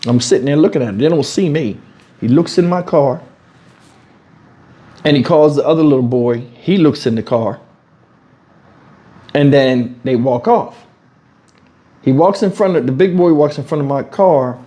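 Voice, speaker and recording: A man, home-recorded on a clip-on mic, spins a story in a casual vlog. His voice sits a bit high but mellow and warm in tone. He acts out each exchange with lively, unfiltered talk. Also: normal speed, long pauses. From Houston, Texas. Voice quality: animated storyteller, acts out quotes, swears freely. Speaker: YouTube commentator. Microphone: wireless lavalier mic.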